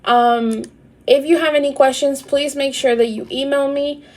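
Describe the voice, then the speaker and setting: A woman teacher giving a recorded grammar lecture, explaining patiently and repeating examples slowly. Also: high-pitched, steady tone, a little mellow, low-quality recording. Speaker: Spanish teacher.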